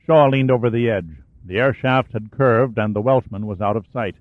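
A man reading a war thriller aloud as an audiobook narrator, in a steady storytelling voice. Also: medium pitch, moderate pace, no room sound. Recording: dry, phone-like lo-fi sound.

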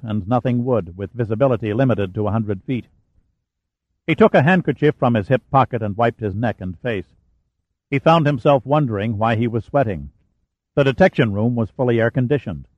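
Steady male audiobook narrator. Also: mid-range voice, no echo, dull audio. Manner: steady, measured. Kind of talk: scripted narration.

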